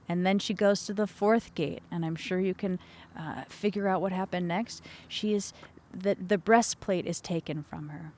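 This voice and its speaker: A woman's voice: on the low side, normal speed, darkish tone. A woman podcast host reading an old myth aloud and breaking off for chatty asides, correcting her own slips as she goes.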